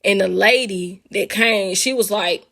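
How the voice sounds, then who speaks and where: A woman's voice: mid-range voice, a little slow, creaky. A woman telling her own faith story and teaching listeners, talking to them casually and with animation. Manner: animated, talks straight to listeners as "y'all". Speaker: speaker sharing a faith testimony.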